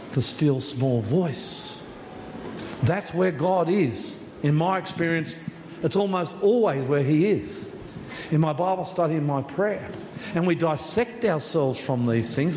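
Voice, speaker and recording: Australian pastor preaching in an echoey hall. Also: male voice, a little high, a little hiss or hum. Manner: swings from hushed to rousing, repeats phrases for emphasis. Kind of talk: sermon. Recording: echoey church hall with faint ambience.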